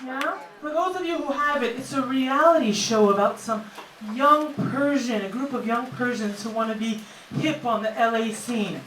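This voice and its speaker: This stand-up comic has a fairly high, fairly bright voice and speaks at a normal speed. On a comedy club stage she's brash and mocking, delivering punchy lines. Audience laughter fills the background of a noisy, echoey recording made from a distance.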